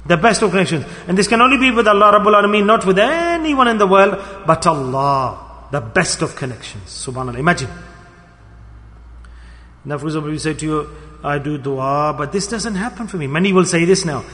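A man's voice: high-pitched, lively intonation, a little fast, bright, forceful tone. A man delivering a sermon, telling a story with emphatic, rising and falling delivery. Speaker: preacher. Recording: long hall reverb.

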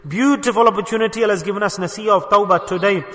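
A man's voice: high-pitched, very fast, pushed and bright. A man preaching a sermon at a mosque gathering, impassioned and urging his listeners with rhetorical questions. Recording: reverberant hall.

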